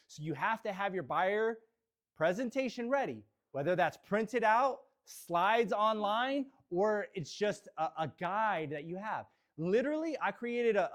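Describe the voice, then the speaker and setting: A man leading a live real estate training session, speaking energetically and motivationally straight to the audience. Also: high-pitched.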